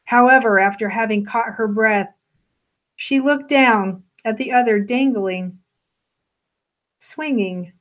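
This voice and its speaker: Woman telling a gentle story. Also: a little high, slow, pauses often. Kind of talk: story narration.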